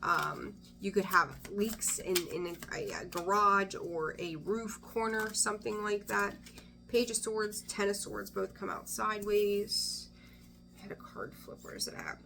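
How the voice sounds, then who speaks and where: A woman's voice: mid-range voice, steady tone, normal speed, vocal fry, sharp tone. A woman giving a casual weekly tarot reading, chatty and blunt, swearing freely and often trailing off to restart her sentences. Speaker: tarot reader.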